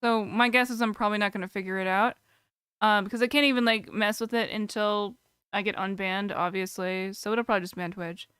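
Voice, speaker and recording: A woman's voice: medium pitch, steady tone, fairly quick, fairly bright tone, clear, resonant tone, no room sound, studio quality. A young adult woman streaming, chatting casually and jokingly as she reacts to a video, often trailing off.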